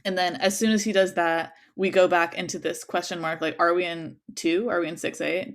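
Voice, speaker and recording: A woman's voice: fairly low pitch, fairly even intonation, a little fast. A young woman teaching a music interpretation class, chatting casually and singing rhythms on nonsense syllables between explanations. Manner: casual, sings rhythms on syllables, many fillers.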